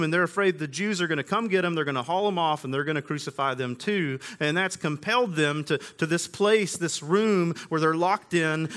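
A man's voice: fairly high pitch, fairly bright tone. A man preaching a sermon in a casual, conversational way, with everyday slang. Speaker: pastor.

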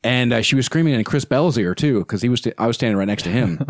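A man who is a nonprofit spokesperson, telling an animated story as a podcast guest with many fillers and restarts. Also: mid-range voice, fast, no room sound, clean studio sound.

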